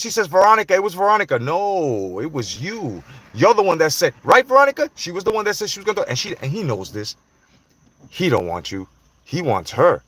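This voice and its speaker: Man, live-stream host, heated profane rant, higher voice, swinging wildly in pitch, dry close sound. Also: fairly bright tone, no echo. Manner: confrontational, profane, addresses viewers directly. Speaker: livestream host.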